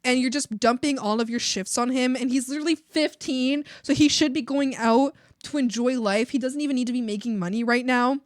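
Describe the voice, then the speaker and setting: A young woman streamer venting to her chat in a casual, profane, animated rant, mocking other people's voices as she goes. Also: high-pitched, a little fast, hardly any pauses, dry recording, clean studio sound. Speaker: art streamer. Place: home streaming setup.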